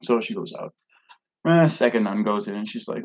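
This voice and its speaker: Blunt, rambling man, low and lo-fi. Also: expressive, moderate pace, darkish tone. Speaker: vlogger. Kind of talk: casual rant to camera.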